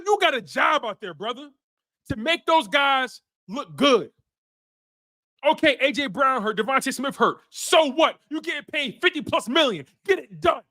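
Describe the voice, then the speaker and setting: A worked-up man hosting a sports livestream, ranting in heated bursts and repeating lines for emphasis. He reads out viewer chats between rising, shouted complaints. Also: sits high. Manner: heated, repetitive, swings to shouting. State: emotional and worked up. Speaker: sports show host.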